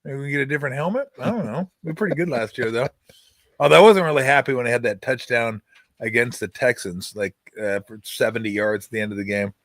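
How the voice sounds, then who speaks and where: A man's voice: medium pitch, quick pace, dry recording. A middle-aged man hosting a sports talk show, telling jokey stories in casual chat. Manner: storytelling, jokey, animated retellings. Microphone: streaming call mic.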